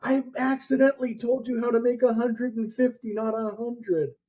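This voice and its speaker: A man's voice: very high voice, steady tone, normal speed, mellow, voice pushed up, rough recording. A man impersonating a fiery male seminar guru with a slight Southern twang, preaching to a crowd. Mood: showman pitch. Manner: hyped, preaching, working up a crowd.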